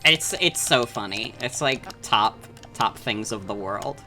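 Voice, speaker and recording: A streamer playing the game and chatting over a voice call, animated and teasing. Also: medium pitch, a little slow, faint music behind. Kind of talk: casual group chat over a voice call.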